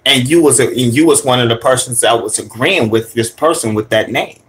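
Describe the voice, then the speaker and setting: A young man with a mid-range voice talks briskly while livestreaming from his phone, first walking to a store and then inside it. It's casual livestream talk: he rambles, swears, jokes, and answers his chat.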